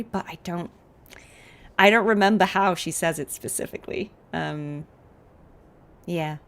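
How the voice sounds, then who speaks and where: A woman's voice: lowish voice, slight background noise. A woman voice actor chatting through a game with lots of fillers and rambling asides. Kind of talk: casual let's-play commentary. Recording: game sounds under the voice.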